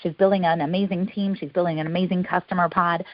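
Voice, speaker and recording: A woman's voice: fairly low pitch, fairly even intonation, fast, no echo. Gushing female call host. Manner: effusive, gushing. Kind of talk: enthusiastic call hosting. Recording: dull lo-fi call audio.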